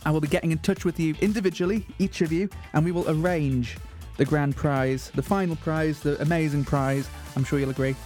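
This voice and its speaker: A man's voice: on the high side, fairly even intonation, a little fast, hardly any pauses, darkish tone, soft background music. A man presenting a radio show in a mock-serious, self-mocking monologue. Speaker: radio host.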